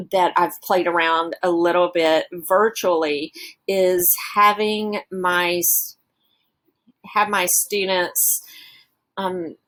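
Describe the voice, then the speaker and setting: A woman teacher walking through classroom exercises on her slides, thinking aloud with frequent fillers. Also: on the low side. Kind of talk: presenting teaching ideas over slides.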